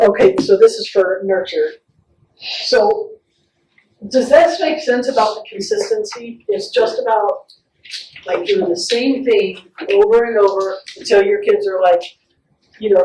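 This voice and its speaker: A woman play therapist giving a faith-based parenting talk, telling stories with animated acted-out quotes. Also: mid-range voice, a little hiss or hum. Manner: warm, animated storytelling with acted-out quotes and laughs. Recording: echoey room, picked up from a distance.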